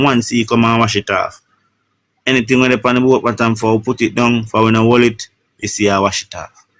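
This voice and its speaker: Jamaican patois man, low voice, monotone delivery, dry close sound, emotional first-hand account, keeps saying bro. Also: no room sound. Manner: emotional, keeps adding "you know, bro". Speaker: shipwreck survivor. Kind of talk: personal account in an interview.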